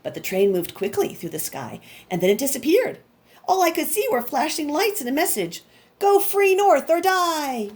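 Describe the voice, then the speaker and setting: A woman reads a picture book aloud to children like a teacher. She talks directly to her young listeners. Her fairly high voice is animated, with wide swings in pitch. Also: a little fast. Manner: lively, expressive, speaks directly to kids.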